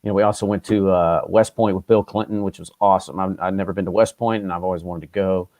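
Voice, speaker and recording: Fast-talking low-voiced man, dry sound. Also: steady tone, warm tone, no echo. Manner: fast, earnest, with frequent restarts. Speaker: guest from a sports film crew. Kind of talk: casual chat on a video call.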